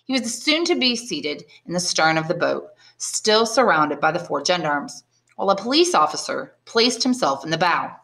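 A woman, an English teacher, reading a classic novel aloud in clear, measured narration. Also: fairly low pitch, very animated, fairly bright tone. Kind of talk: audiobook reading.

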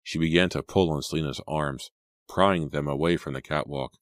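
A man narrating a suspense audiobook in a measured, suspenseful way. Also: a bass voice, dry recording, studio quality. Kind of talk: dramatic audiobook reading.

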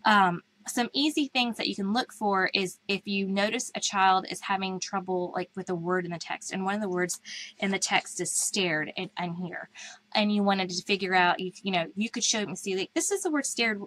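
A woman's voice: medium pitch, fairly even intonation, moderate pace, fairly bright tone, rough recording. Woman, reading teacher, live online talk, chatty, conversational, ums and likes.

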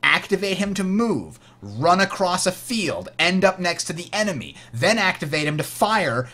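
A young man hosting a board game tutorial, explaining rules as he plays, enthusiastic and quick to laugh. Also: sits high, sharp tone.

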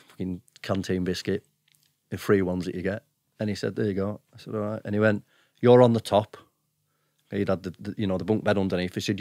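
A man's voice: fairly low pitch, dry recording, studio quality. A man telling his story as a podcast guest, blunt and sweary, chuckling between anecdotes. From United Kingdom. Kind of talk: casual storytelling.

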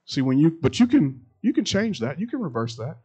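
A middle-aged man, a pastor, preaching a sermon that repeats its phrases and swings between loud and quiet passages. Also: on the high side, very animated, fairly quick, breathy edge, muffled recording.

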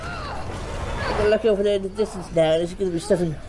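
A man doing gaming commentary, swearing constantly and yelping and shouting in panic as he plays. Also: sits high, fast. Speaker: gaming streamer. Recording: noisy, with game sounds behind. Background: game sounds.

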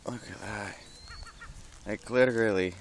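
A man casually filming outdoors, talking excitedly to birds and swearing often. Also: fairly low pitch, unhurried, slight background noise. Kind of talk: casual vlog narration.

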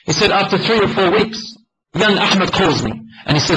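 Fervent high-pitched male preacher. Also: animated, moderate pace, fairly bright tone, slightly rough, poor audio. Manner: emotional, dramatic retelling with acted quotes. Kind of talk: sermon storytelling.

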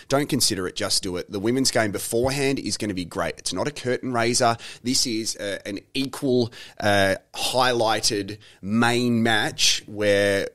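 A man's voice: on the low side, fairly bright tone. A young man with an Australian accent hosting a casual podcast chat, joking and teasing his guest. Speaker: podcast host.

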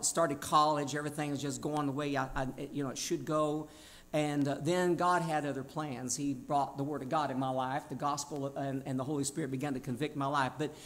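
A man's voice: fairly high pitch, a bit bright. A man in his sixties from Tennessee with a Southern accent, preaching a sermon in a folksy, emphatic way with self-deprecating humor. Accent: Southern American. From Tennessee, USA. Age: 60s.

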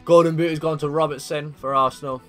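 A young man commenting live on his own football video game career, dry one moment and yelling at big chances the next. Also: on the high side, fast, faint music behind. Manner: excitable, shouting at big moments, dry asides. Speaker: gaming YouTuber.

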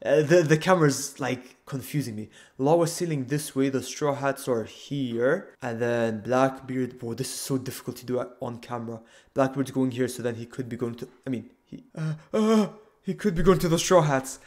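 A man's voice: medium pitch, moderate pace, a little mellow. A young man giving a casual, rambling manga chapter review on camera, often interrupting himself and drifting off topic.

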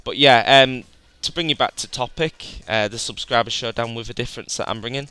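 Bright, crisp gaming host. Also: male voice, medium pitch, a little fast. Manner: chatty, rambling, says "guys" often. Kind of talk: gameplay voice-over commentary.

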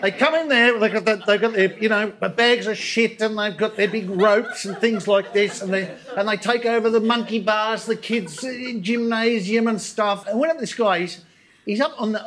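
A man doing a stand-up comedy routine on stage, telling wry, deadpan stories with asides. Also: high voice, moderate pace, slight background noise. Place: on stage before a live audience.

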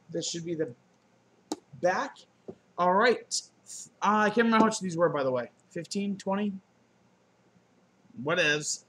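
A man's voice: on the high side, background noise. A man chatting casually while unboxing on camera, loose and joking with goofy profane asides, recorded on a laptop indoors. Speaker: unboxing vlogger.

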